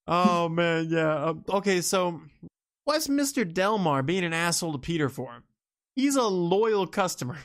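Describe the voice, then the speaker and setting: A man's voice: high voice, lively intonation, measured pace, fairly bright tone. A man co-hosting a casual movie podcast, ranting in an exasperated, incredulous way. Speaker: podcast co-host. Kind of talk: casual film discussion.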